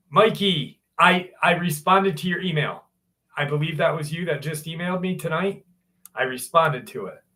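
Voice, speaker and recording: A man's voice: a little high, takes it slowly, pauses often, sharp tone. A man hosting a live stream, chatting casually and greeting viewers one by one in a laid-back way.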